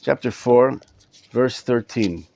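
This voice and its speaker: A middle-aged rabbi teaches a live class in a study hall. His voice sits at an average pitch for a man. He addresses the students in front of him and repeats words while gathering his thoughts. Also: takes it slowly, vocal fry, warm tone. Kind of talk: live Torah class lecture.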